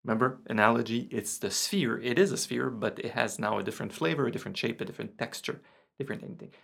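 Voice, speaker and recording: Gravelly man. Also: medium pitch, fast talker. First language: French. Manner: relaxed, counts beats aloud while explaining. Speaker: guitar teacher. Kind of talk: casual online guitar lesson. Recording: guitar playing under the voice. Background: his own guitar.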